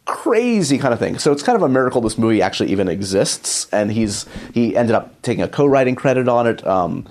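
A man's voice: mid-range voice, big pitch swings, a little fast, a little mellow. Chatty upbeat male podcast host. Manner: chatty, upbeat, lots of fillers. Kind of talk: casual podcast intro and interview.

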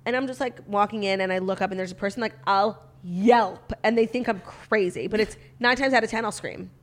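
A young woman co-hosting a podcast, chatting casually in a dramatic, swear-prone way. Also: medium pitch. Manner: fast, dramatic, swears a lot. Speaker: podcast co-host. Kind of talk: casual chat.

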